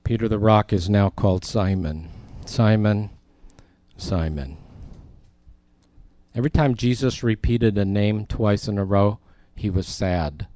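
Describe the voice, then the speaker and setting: A man's voice: lowish voice, moderate pace, few pauses, dark tone, no echo. A male pastor preaching a sermon in a conversational way, with emphatic asides as he reads and explains scripture.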